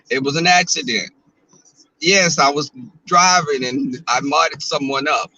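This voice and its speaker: Driving as he streams live, a twenties-aged vlogger with a Southern US accent chats and jokes sassily with his audience. His fairly high voice is bright and forceful at a measured pace, though the audio sounds dull.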